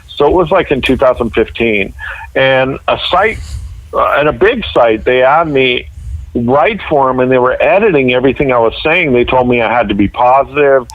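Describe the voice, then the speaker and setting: A man's voice: mid-range voice, expressive, normal speed, dry recording, lo-fi sound. A young adult man from Northern California, a guest writer telling stories animatedly on a podcast, acting out the voices of people he quotes. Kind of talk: casual podcast chat.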